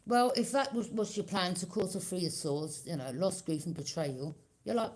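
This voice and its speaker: A woman's voice: lowish voice, animated, normal speed, darkish tone. Chatty woman giving a tarot reading. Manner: conversational, keeps checking in with "okay?"; acts out quoted reactions in her own voice. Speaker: tarot reader.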